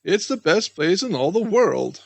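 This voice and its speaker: A man voicing a very old, wise male frog who speaks gruffly and slowly in a children's story. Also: high voice, sing-song, dry recording, heavily acted. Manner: gruff, slow and drawn out.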